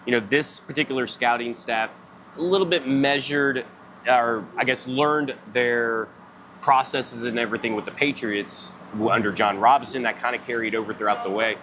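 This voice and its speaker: A man's voice: medium pitch, normal speed, bright, forceful tone. Rambling sports radio host, a man. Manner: long, rambling wind-up to each question. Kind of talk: radio interview. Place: live remote broadcast at a football event.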